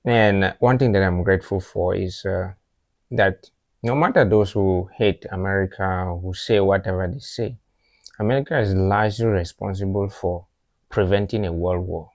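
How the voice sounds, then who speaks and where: A man from Africa comments on a video in a casual, earnest and reflective way, often circling back on his words. His voice is low-pitched and recorded dry and close. A faint clicking sound is heard. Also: normal speed, darkish tone, no room sound. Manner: earnest, reflective, repeats himself. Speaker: reaction video host.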